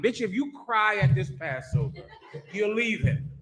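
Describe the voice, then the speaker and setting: A man's voice: sits high, sing-song, measured pace, a bit bright. A male preacher giving a stern, scolding sermon full of blunt, crude threats.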